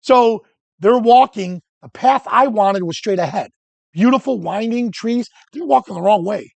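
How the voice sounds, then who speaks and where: A man teaching photography who tells animated, joking stories and keeps breaking off and restarting his sentences. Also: sits high, measured pace, creaky, dry recording. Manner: animated anecdotes, self-interrupting, joking. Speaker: photography instructor. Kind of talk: storytelling during a workshop lesson.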